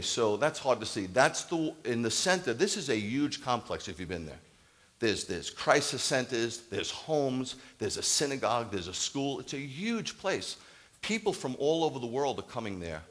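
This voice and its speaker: A Messianic rabbi telling a story in a sermon to a live congregation, acting out the dialogue and building to emphatic preaching. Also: male voice, mid-range voice, normal speed. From United States. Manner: animated, acts out quoted dialogue, rises to emphatic preaching. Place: congregation hall, addressing a live audience.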